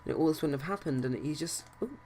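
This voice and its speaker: A man's voice: a little high, quick pace, a little mellow, a little hiss or hum. A man casually narrating his life-sim game let's play, rambling with many hesitations and restarts. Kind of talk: casual game commentary and storytelling.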